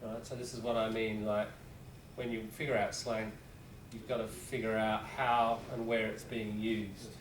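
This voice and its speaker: A man's voice: fairly low pitch, little pitch movement, unhurried, a little hiss or hum. A man teaching a class in a casual, rambling lecture with asides to students. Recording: roomy classroom, voice from a distance.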